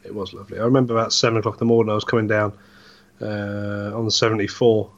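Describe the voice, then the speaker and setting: A man's voice: on the low side, level tone, rapid-fire, lo-fi sound. A man co-hosting a casual podcast, telling rambling, easygoing stories about his driving work. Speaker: podcast co-host, truck driver. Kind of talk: casual chat.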